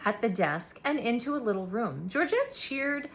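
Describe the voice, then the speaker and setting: Expressive woman reading a novel aloud. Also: fairly high pitch, normal speed, low-quality recording. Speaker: audiobook reader. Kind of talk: literary audiobook narration.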